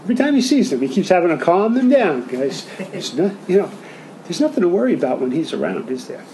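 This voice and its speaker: A high-voiced pastor preaches to his congregation in a conversational way, peppering them with questions over faint background noise. His delivery is sing-song and fast, gravelly yet mellow, and the audio quality is poor.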